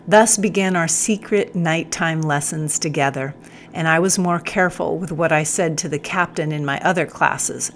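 A woman reads a first-person story gently, at times almost whispering. Her voice sits a little low. A faint hiss lies under the recording. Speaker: audiobook narrator.

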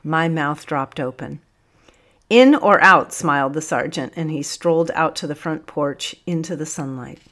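A woman with a low voice narrates a story in the first person, in a measured and gently expressive way. Her reading is unhurried and even. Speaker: audiobook narrator.

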